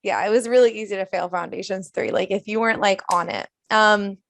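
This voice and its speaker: A woman's voice: medium pitch, steady tone, a little fast, creaky, dry recording. A woman in her twenties, a chef, telling stories casually as a podcast guest, with lots of "like". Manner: chatty storytelling, heavy use of "like". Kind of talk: casual interview chat.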